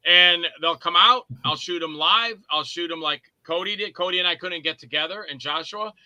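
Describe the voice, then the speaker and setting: A man who is a guest on a podcast, casually telling animated anecdotes and acting out the voices of people he quotes. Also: high-pitched, moderate pace, dry recording, poor audio. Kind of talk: casual podcast chat, storytelling.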